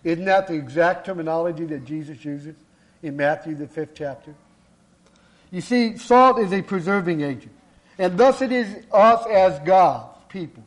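Preacher guy w a high voice, earnest n measured, repeats his points. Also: expressive. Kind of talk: sermon.

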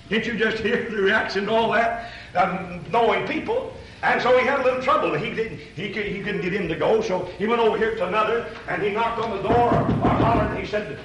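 A man's voice: high-pitched, fairly quick, a bit bright, roomy sound, a little hiss or hum, poor audio. A man preaching a sermon in a folksy, conversational way, addressing listeners directly and asking rhetorical questions.

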